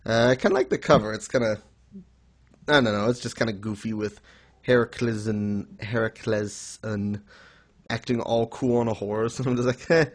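A man's voice: medium pitch, a little fast. Blunt, sarcastic man chatting casually. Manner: blunt, sarcastic, swears freely. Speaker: podcast co-host reviewing manga. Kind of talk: casual chat.

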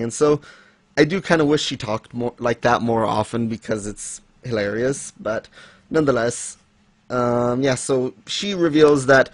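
A man hosting a laid-back discussion, wandering through his points with ums and chuckles. His voice sits at a middle pitch. The recording is dry and close. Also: no echo. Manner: rambling, with fillers and laughs. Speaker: podcast host. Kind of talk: casual manga discussion.

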